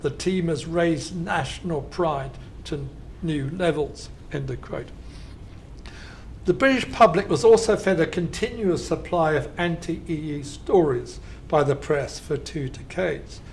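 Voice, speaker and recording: A man reads his keynote lecture from a script, his voice sitting a little high for a man. He slows down and leans on the quotes, then drops into dry asides. Faint noise hums under the lecture hall. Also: vocal fry. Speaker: keynote speaker. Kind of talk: academic lecture read from a script.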